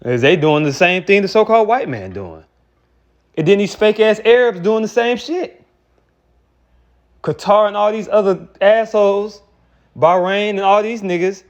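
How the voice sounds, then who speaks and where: Man, higher-pitched, angry profane preacher, stumbles over repeats; dull lo-fi recording. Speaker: street preacher. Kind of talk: heated preaching rant.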